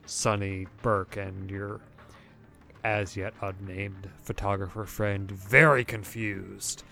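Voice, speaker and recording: A man narrating a tabletop game as game master, describing scenes in a relaxed, rambling way with fillers. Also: lowish voice, takes it slowly, vocal fry.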